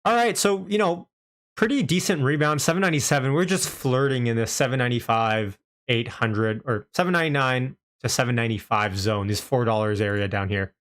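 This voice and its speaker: A man's voice: medium pitch, a little fast, a bit bright. A young man from Canada with a light Canadian accent, hosting a casual live stream, chatty, often laughing and reading out viewers' chat messages. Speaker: livestream host.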